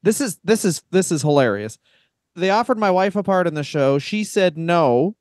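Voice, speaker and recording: A man's voice: high-pitched, expressive, normal speed, darkish tone, no echo, clean studio sound. A middle-aged man, a comedian co-hosting a podcast, rambling and restarting his sentences in casual chat.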